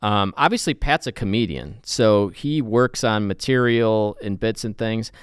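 Chatty man, smooth dry studio voice. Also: fairly low pitch, unhurried, no echo. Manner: rambling, self-deprecating, with fillers. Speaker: feature reporter, podcast guest. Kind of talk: casual interview chat.

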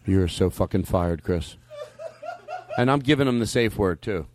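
A man doing rambling, deadpan comedic podcast banter. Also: low-pitched, normal speed, background noise.

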